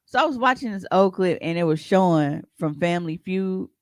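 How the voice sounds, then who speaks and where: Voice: mid-range voice, moderate pace, dry recording. Podcast cohost rambling stories, swears a lot, laughs, dead dry sound. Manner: profane, animated, laughing. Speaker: podcast co-host. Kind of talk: casual storytelling chat.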